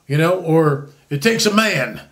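Fairly high and fairly bright, this sixties-aged host's voice has lively intonation and a measured pace. He offers opinionated, casual commentary in a rambling, emphatic style, restarting often, repeating words, and adding disclaimers.

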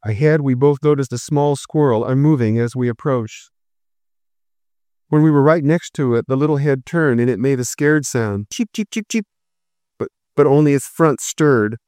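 Male storyteller, smooth and resonant, dry close sound, measured reading. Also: medium pitch, a little mellow, no room sound. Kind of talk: first-person story narration.

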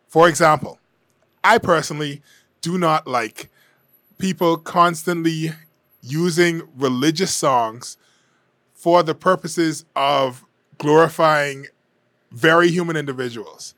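A man giving his frank, conversational take on an election campaign, often hedging and pausing to think. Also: on the high side, fairly bright tone, no echo, studio quality. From Bahamas. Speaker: political commentator. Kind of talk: casual opinion monologue.

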